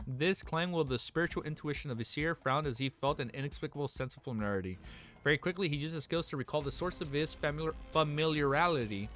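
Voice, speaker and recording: A young man streaming live, reading a story aloud and reacting with excited swearing and stumbles. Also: on the high side, quick pace, soft background music.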